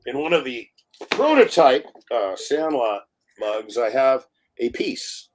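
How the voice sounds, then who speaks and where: A man's voice: mid-range voice, lively intonation, takes it slowly. A man, a film director, telling stories in a live interview, acting out quotes and laughing often. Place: live online stream.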